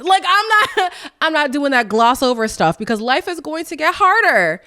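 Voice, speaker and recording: A woman hosts a podcast, chatting candidly and with sass in a casual recap, tossing frank asides to her listeners. She's lively, her pitch jumping quickly.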